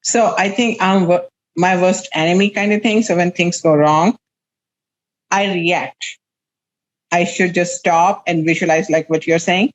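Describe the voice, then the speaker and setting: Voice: medium pitch, steady tone, measured pace, a little hiss or hum, rough recording. A real estate agent as a podcast guest, telling stories candidly and with animation. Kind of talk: conversational interview.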